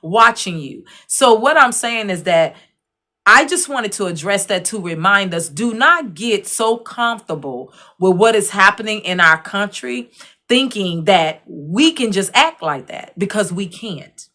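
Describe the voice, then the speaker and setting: Hosting an online show, a woman delivers casual opinions in an expressive, mid-range voice that sounds pushed and bright, at a measured pace. She keeps checking in with listeners conversationally and drives points home by repeating phrases.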